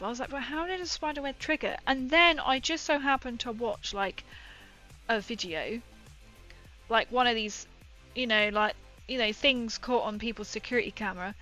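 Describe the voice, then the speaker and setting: A woman's voice: on the high side, pushed and bright, poor audio. A young woman streaming while painting miniatures, telling a rambling story in casual chat with lots of fillers. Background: faint background music.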